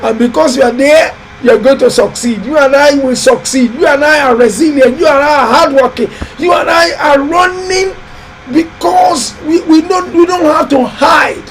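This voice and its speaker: Loud, emphatic high-voiced man. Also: normal speed, a little hiss or hum, poor audio. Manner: loud, emphatic, exhorting and repetitive. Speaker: host of a building advice live show. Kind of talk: live-stream motivational talk.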